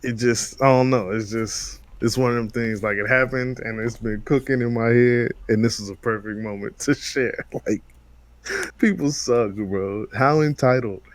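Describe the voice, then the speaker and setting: A man's voice: medium pitch, fairly even intonation, normal speed, dry recording. A man co-hosting a podcast, telling a story in a laid-back, slangy way with laughs. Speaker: podcast co-host. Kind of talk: casual storytelling chat.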